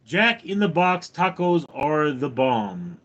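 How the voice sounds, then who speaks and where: Brief: a slow, deadpan male streamer with a lively pitch, answering his chat from home. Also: muffled recording. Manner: dry, deadpan, reading chat names aloud. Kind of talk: casual live-stream chat.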